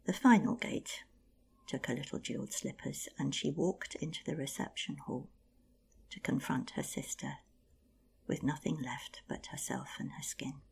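A woman telling an old myth aloud in a hushed, half-whispered narration with a husky, gravelly voice. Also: a bass voice, normal speed. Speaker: storyteller. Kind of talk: oral storytelling of a myth.

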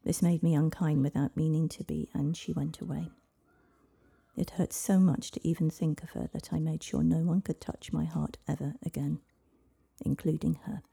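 A woman voicing an ancient, lonely male dragon who talks in a dry, world-weary way, in a husky storybook reading. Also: low-pitched, fairly even intonation, normal speed, warm tone, exaggerated voice. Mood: rueful.

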